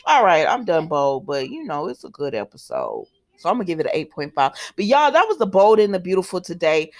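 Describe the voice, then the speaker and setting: A young woman chatting casually to her viewers as she recaps a soap opera episode, animated and talking straight to them. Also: fairly low pitch, brisk.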